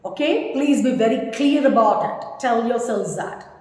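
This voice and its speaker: A woman's voice: on the high side, unhurried, darkish tone. A woman in her fifties from India, teaching a spoken English lesson with emphatic, instructive delivery and repeated key words. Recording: echoey room with long reverb.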